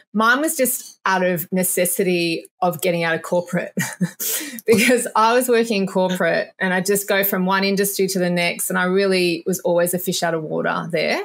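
Chatty, animated woman guest. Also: on the low side, brisk. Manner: chatty, animated, laughs often and acts out quoted voices. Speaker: naturopath guest. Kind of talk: casual podcast interview.

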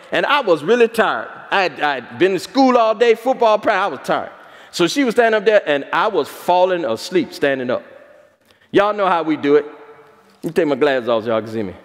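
High, animated male pastor preaching. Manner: storytelling, asks the congregation questions. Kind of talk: sermon. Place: church hall. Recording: long hall reverb.

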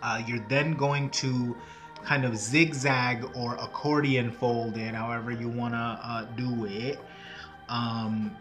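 A man's voice: medium pitch, steady tone, takes it slowly, over music. A man hosting his own craft channel, talking through folding steps in a casual, rambling way with self-mocking jokes. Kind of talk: casual tutorial talk.

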